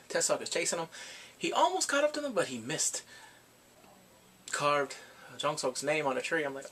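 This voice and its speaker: A young man casually recapping a drama in an animated, dramatic way, full of exclamations. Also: a little high, fairly quick. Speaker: drama reviewer.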